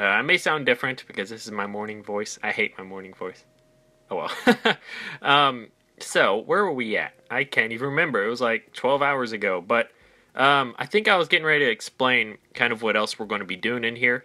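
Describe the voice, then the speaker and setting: A gaming channel host with a medium-pitched, pushed and bright voice narrates his own game as he plays. His let's play commentary is casual and rambling, full of ums and little laughs.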